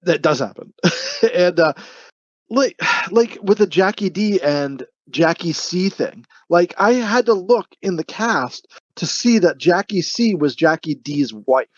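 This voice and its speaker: A chatty podcast co-host with plenty of filler and frequent laughs. The pitch moves freely, and the recording is dry and slightly dull. It sounds like an inexpensive mic. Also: lively intonation, measured pace, no room sound. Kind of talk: casual podcast chat.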